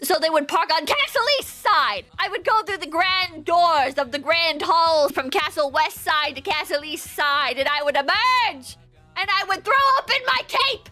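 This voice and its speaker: A woman streamer rambling through casual commentary, joking and swearing freely. Her voice sits high and sounds very bright, with faint music playing behind her. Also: moderate pace. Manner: profane, rambling, jokey.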